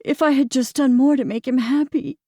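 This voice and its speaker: A woman narrator voicing a middle-aged wife and mother, heartbroken and choking through tears. The voice sits a little high, gravelly and dry. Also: fairly even intonation, fairly quick, dark tone, no echo, far from the mic. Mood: despairing. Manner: choked, tearful.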